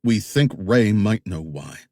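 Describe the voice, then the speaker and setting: A man voicing a grieving young woman in an audiobook, speaking quietly and earnestly. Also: fairly low pitch, lively intonation, takes it slowly, no echo, studio quality. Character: grieving young woman seeking her grandfather's killers.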